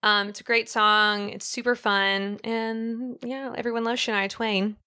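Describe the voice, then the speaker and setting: Bright, crisp-voiced chatty woman. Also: fairly high pitch, fairly even intonation, a little slow. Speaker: podcast co-host. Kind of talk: casual chat.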